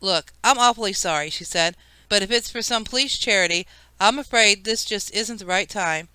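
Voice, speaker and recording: A woman's voice: mid-range voice, normal speed, bright, forceful tone, clean tone, no echo, close to an everyday voice, poor audio. A woman reading an audiobook, voicing a harried mother who is stern and overwhelmed. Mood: flustered.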